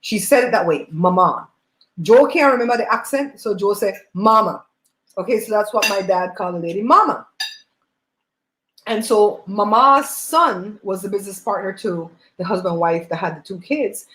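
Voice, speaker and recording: A woman's voice: mid-range voice, a little fast, few pauses. Chatty woman storyteller, roomy laptop sound. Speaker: host. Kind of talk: casual chat while eating on a livestream. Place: home. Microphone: laptop mic. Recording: roomy home room on laptop mic.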